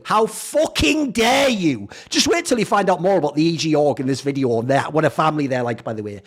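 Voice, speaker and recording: Fast, animated man ranting. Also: fairly high pitch. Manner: fast, profane, sarcastic, mocking voices. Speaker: esports commentator and video host.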